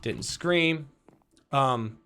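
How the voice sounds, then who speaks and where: A young man vlogging casually, retelling a workplace clash to his viewers in an animated, repetitive way and addressing them directly. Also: mid-range voice, extremely slow, clean tone. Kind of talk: casual storytelling to camera.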